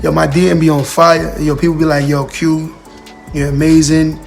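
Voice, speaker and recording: A man speaks on a motivational livestream in a gravelly, slightly high voice. He talks earnestly and repeats himself as he addresses his viewers and their comments directly. Soft music plays faintly behind him. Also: level tone, moderate pace. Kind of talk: casual motivational talk.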